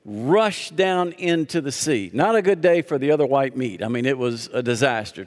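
A man's voice: a little high, very animated. Emphatic male pastor in a reverberant hall. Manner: emphatic, rhetorical questions, dramatic slowdowns. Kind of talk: sermon.

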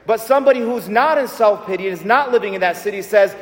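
Male pastor, high voice, emphatic call-and-response sermon, reverberant church hall. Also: fast. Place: large church.

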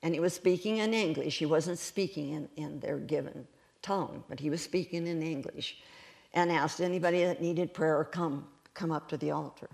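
Lady preacher with a gravelly edge, telling stories in a sermon, lively, laughs a lot. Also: low-pitched, normal speed. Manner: animated, laughs often while telling stories. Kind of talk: sermon storytelling.

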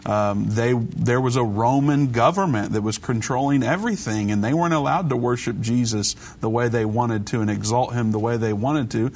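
A man hosting a Christian call-in radio show, talking briskly and conversationally while preaching to callers. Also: medium pitch, darkish tone.

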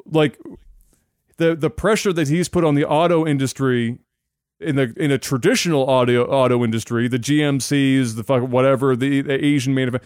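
A man riffing on a podcast, swearing freely and growing loud and animated when he gets going. His voice is smooth and resonant, and the room sounds dry and close. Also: medium pitch, moderate pace, no room sound. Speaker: podcast host. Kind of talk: casual profane chat.

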